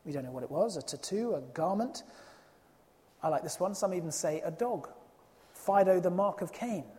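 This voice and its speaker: Preacher, sermon, emphatic, rhetorical questions, mid pitch, long hall echo. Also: animated, moderate pace, warm tone.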